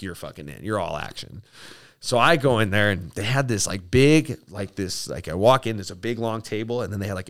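A man from Spokane telling a profane, animated story in casual chat, often acting out what others said. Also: on the low side. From Spokane, Washington. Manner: animated, profane, lots of "like", acts out quotes. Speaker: guest.

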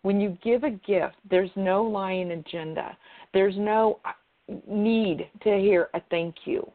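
A woman's voice: mid-range voice, takes it slowly. A woman giving earnest advice in casual conversation, often restarting her sentences. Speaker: guest. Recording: tinny phone-like line.

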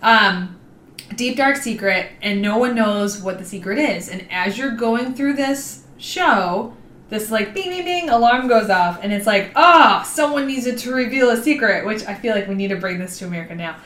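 A woman's voice: medium pitch, normal speed, a bit bright. A woman co-hosting a podcast, chatting casually and animatedly, acting out little quotes as she tells stories. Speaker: podcast co-host. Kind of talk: casual chat. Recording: echoey room, faint noise.

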